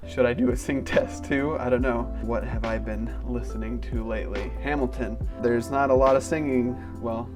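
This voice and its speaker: A male tech reviewer talking through a gadget in a relaxed, unhurried way. His voice sits at an ordinary middle pitch, and he keeps his delivery measured and plain. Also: soft background music. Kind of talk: casual product review.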